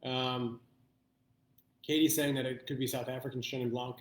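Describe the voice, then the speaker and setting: Mid-pitched male host who muses aloud through a tasting, recorded in a roomy space. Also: little pitch movement. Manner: thoughtful, thinking aloud with pauses. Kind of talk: live online blind tasting.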